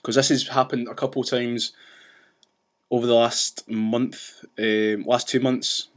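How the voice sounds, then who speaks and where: Man, casual vlog rant, fast, rambling, restarts often. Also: medium pitch, level tone. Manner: says he talks fast. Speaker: vlogger.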